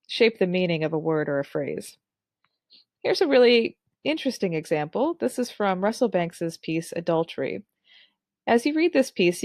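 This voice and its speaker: Woman teacher doing a public speaking lesson, super clear diction, mid pitch, dry sound. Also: dry recording. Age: 30s. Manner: clear, carefully articulated, expressive. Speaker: instructor. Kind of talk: online course lecture.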